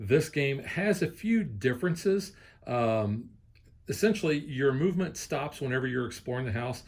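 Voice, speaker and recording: Relaxed middle-aged man explaining a board game. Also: mid-range voice, normal speed. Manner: relaxed, explanatory, filler-heavy. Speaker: board game reviewer, father. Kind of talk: casual game review chat.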